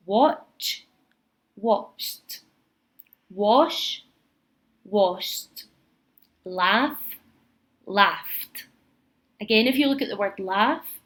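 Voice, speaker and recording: A woman's voice: on the high side, poor audio. A woman from Scotland with a Scottish accent, hosting a podcast lesson and patiently explaining pronunciation step by step with spoken examples. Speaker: English teacher and podcast host.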